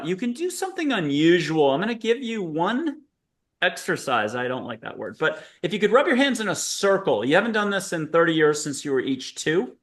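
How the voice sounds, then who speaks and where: A man's voice: a little high, a bit bright. A man hosting a video-call panel, leading a guided meditation in a playful, rambling, punning way. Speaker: host.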